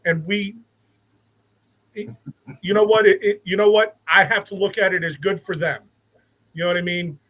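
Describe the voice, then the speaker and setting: A man's voice: high-pitched, steady tone, normal speed, pauses often, fairly bright tone, low-quality recording. A man speaking as a guest in casual talk, earnest and opinionated, often repeating words as he starts a thought. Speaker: guest, veteran.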